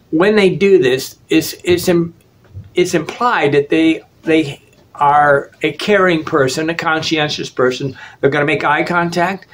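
Rambling opinionated American man. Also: a little high. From United States. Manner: opinionated, rambling with frequent restarts and "okay?" checks. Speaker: travel vlogger. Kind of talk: casual spoken monologue.

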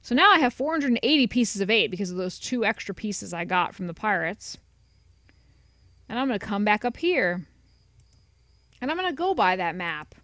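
A woman's voice: medium pitch, sing-song, normal speed, long pauses, fairly bright tone, no echo. A woman giving casual, chatty commentary over a video game playthrough, sarcastic and swearing freely. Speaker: let's play commentator. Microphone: desk USB headset mic.

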